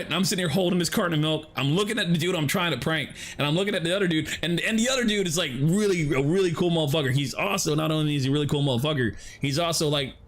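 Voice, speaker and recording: A man streaming a game, telling a story in an animated, profane casual way. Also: fairly high pitch. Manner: animated, profane, lots of restarts and swearing. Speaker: gaming streamer.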